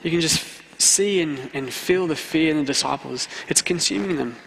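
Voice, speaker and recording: A man preaching an earnest sermon, driving his points home by saying them twice. His voice sits a bit high and carries a gravelly fry at the bottom of his phrases. A long hall reverb trails after each line. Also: normal speed, a bit bright, slight background noise. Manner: earnest, repeats key phrases for emphasis. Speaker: student pastor.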